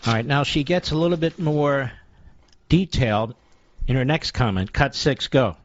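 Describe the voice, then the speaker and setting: A man's voice: mid-range voice, expressive, normal speed, lo-fi sound. Combative male talk radio host. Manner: combative, sarcastic, punchy short phrases. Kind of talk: political talk radio monologue.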